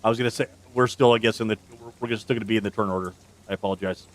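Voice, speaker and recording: A low-pitched man leads a tabletop session as game master. He narrates the action at an easy pace and slows down for dramatic beats. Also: fairly even intonation, slight background noise.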